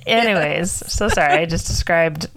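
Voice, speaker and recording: A woman's voice: low voice, moderate pace, fairly bright tone, poor audio. A young woman co-hosting a casual true crime podcast, getting tongue-tied, apologizing and giggling as she reads out details. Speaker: podcast co-host.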